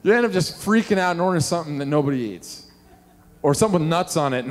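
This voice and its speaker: Man, pastor, sermon, animated storytelling, slightly high voice, long church reverb. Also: fast talker. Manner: animated storytelling with questions to the congregation. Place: church sanctuary.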